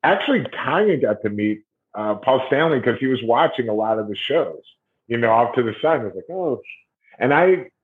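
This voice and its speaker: A middle-aged man from Ohio, a documentary series host, telling stories in a rambling, animated way. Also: mid-range voice, moderate pace. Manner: rambling, animated retelling with acted quotes. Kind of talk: casual interview conversation. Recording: tinny phone-like audio.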